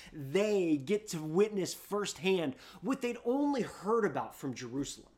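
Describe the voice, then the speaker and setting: A preacher telling a story in a sermon, repeating words as they restart sentences and swinging from loud bursts down to hushed whispers. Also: mid-range voice, very animated, normal speed, hardly any pauses. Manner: frequent repeated word restarts.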